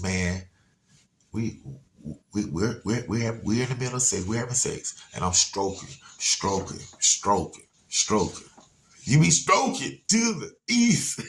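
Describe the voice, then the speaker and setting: A man's voice: fairly low pitch, gravelly, fairly bright tone, slight background noise. A man telling a personal story to viewers in a casual, slangy way, repeating words and laughing now and then.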